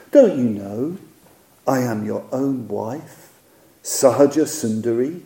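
A man's voice: medium pitch, mellow. A man voicing a young forest woman who scolds her drunken lover, reciting her lines with rising emphasis. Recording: echoey hall.

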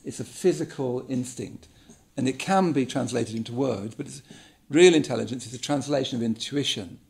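A man gives a reflective talk, thinking aloud and circling back over his words. His voice is gravelly with a bit of fry, and it sits in a middling pitch. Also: moderate pace, darkish tone. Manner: musing, repeats words, many ums. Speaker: speaker giving a talk.

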